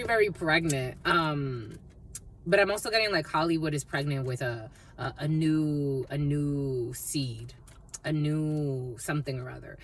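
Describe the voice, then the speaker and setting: A woman's voice: deep voice, fairly bright tone, a little hiss or hum. A woman giving a rambling spiritual reading, chanting repeated phrases and laughing often. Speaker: intuitive reader.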